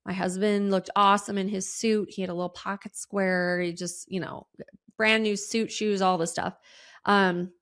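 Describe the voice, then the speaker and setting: A woman's voice: medium pitch, little pitch movement, normal speed, fairly bright tone, smooth. A woman hosting a solo podcast, telling a personal story in a chatty way with many ums and restarts. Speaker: podcast host.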